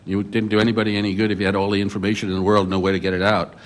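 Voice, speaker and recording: An older man on a journalists' panel, recounting his reporting memories as an animated storyteller who often restarts his sentences. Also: lowish voice, very fast, slight background noise. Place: conference hall.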